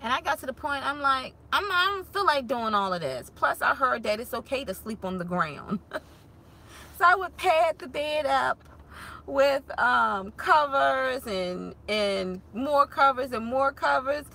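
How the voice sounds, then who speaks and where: A woman talking casually to her viewers in a vlog. She tells lively stories, laughing often and acting out what people said, then turns soft and heartfelt when she talks about being grateful. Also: high-pitched, a little slow, creaky. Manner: animated storyteller who laughs often and acts out quotes. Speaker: vlogger and mother.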